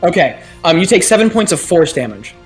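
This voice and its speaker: A man narrating a tabletop game as game master, speaking haltingly with many ums and uhs. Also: high voice, very animated, soft background music.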